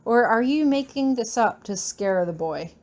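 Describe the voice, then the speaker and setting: A woman's voice: fairly high pitch, animated, normal speed, darkish tone, lightly acted. A woman voicing a stern older male professor who speaks dryly and curtly, in a fan fiction reading. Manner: dry, curt.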